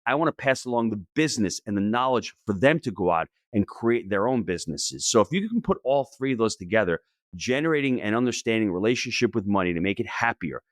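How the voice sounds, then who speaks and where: Emphatic low-voiced man, interview guest. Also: fast, no room sound, clean studio sound. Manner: energetic, emphatic and persuasive. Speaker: podcast guest. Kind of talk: interview answers.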